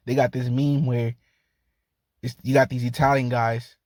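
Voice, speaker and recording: Male Bible teacher, casual slangy preaching, chuckles a lot, mid pitch, dry close recording. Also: level tone, slow, a little mellow, dry recording. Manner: loose and slangy, repeats "man", laughs often. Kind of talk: casual street-talk preaching.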